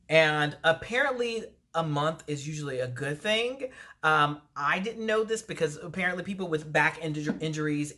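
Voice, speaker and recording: A woman entertainer telling a personal story in a casual storytime vlog, animated and laughing often. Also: sits low. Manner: animated retelling with frequent laughs.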